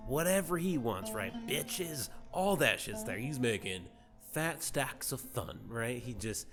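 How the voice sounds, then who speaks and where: A man telling a story comedically, in a rambling, profane, slangy way that is full of "right?". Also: medium pitch. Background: guitar music.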